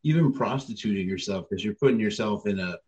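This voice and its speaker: A male interviewer with a lowish voice speaks in a conversational tone. He breaks in with brief, sympathetic remarks as his guest talks. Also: fast, darkish tone, lo-fi sound.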